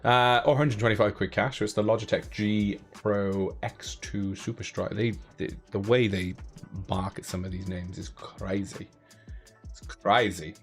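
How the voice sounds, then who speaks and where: A man's voice: lowish voice, steady tone, unhurried, faint music behind. A young man casually hosting a giveaway live stream, chatting playfully, cracking jokes and counting down. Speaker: giveaway live draw host.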